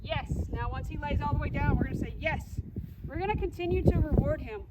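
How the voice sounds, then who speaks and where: High-voiced woman trainer, distant and noisy. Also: fast talker. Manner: reassuring, repeats key points. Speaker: puppy trainer. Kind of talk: instructional dog-training walkthrough. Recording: distant mic, loud background noise.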